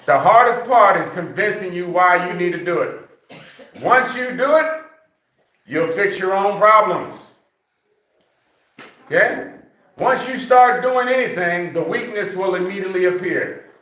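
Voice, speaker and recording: A man with a bright, fairly high voice leads a seniors' exercise class, counting reps out loud and coaxing the group along. He sounds far from the mic, and the room around him echoes. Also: animated, unhurried, pauses often. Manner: counts reps aloud, coaxing with frequent "okay?". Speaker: senior fitness instructor. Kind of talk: live exercise class instruction.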